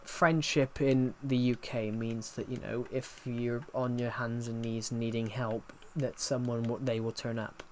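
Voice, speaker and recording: A man's voice: mid-range voice, little pitch movement, unhurried, few pauses, a little hiss or hum. A man, chatting casually on a live stream, answering chat with many fillers and restarts. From England.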